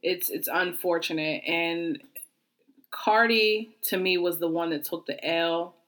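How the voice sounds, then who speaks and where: A woman's voice: on the low side, slow pace, a bit bright. A woman co-hosting a podcast in casual chat, speaking emphatically and reflectively. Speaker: podcast co-host.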